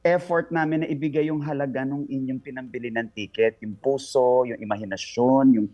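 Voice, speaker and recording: A man's voice: mid-range voice, fairly even intonation, brisk, dark tone, highs cut off. A Filipino man, a stage actor, speaking earnestly and from the heart in an interview. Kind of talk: casual interview chat.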